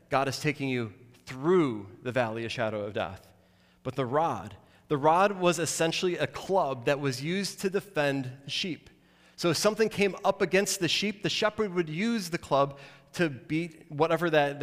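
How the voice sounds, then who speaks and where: A fairly high-voiced man preaching a sermon to his congregation. He talks in an animated, conversational way and slips into mock-dramatic asides. His voice carries a long reverb from a large hall. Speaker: pastor.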